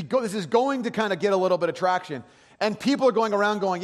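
A man preaching a sermon in a relaxed, conversational way, often checking that the audience is following. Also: high voice, fast talker. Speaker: pastor. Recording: long hall reverb.

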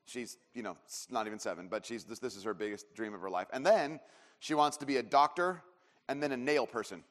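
A man's voice: medium pitch, fairly quick, a bit bright. A man in his thirties preaching a sermon, telling a story in a rambling way with lots of fillers and restarts. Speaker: pastor. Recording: long hall reverb.

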